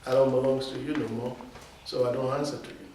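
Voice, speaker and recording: A man's voice: mid-range voice, level tone, fast talker, mellow, slight background noise. A male pastor preaching a sermon, emphatic and leading his congregation in call-and-response. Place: church. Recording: echoey hall, mic from far off.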